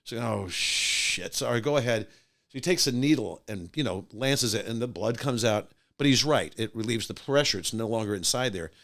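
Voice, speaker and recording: An older man spins a long anecdote in a relaxed conversation. His voice rises and falls widely as he slips into the voices of the people he quotes. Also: mid-range voice, normal speed. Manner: animated anecdote teller, acting out voices of others. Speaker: podcast guest, musician and radio host. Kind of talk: casual storytelling.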